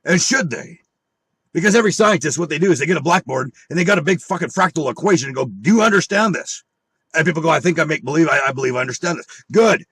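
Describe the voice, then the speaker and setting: A man's voice: on the high side, a bit bright, breathy edge, no room sound. A man on an angry monologue full of swearing and rhetorical questions. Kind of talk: angry profane rant.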